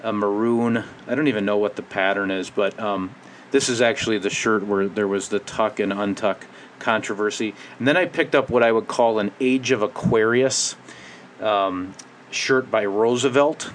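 Man, middle-aged, from Minnesota, low voice, casual rambling monologue, wry. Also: normal speed, slight background noise. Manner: rambling, wry, restless pace. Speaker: podcast host.

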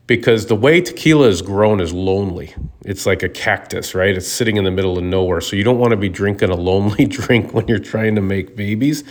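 A man from Minnesota hosting a show, telling funny stories in a casual, rambling way with hesitant restarts. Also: lowish voice. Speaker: podcast host. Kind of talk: casual monologue.

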